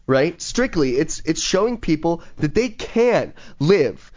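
A man with a somewhat high voice hosts a casual podcast and talks eagerly about following your excitement. He drifts through ums and you-knows as he pushes his message. The recording sounds dull and lo-fi. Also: takes it slowly. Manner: eager, motivational, many fillers. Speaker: podcast host.

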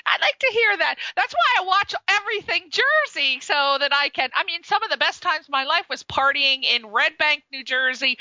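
A woman's voice: high voice, expressive, moderate pace, few pauses, sharp tone, dry recording, muffled recording. A middle-aged woman from the East Coast hosting a radio talk show, chatting affectionately and gushing over her guest. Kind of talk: casual radio interview chat.

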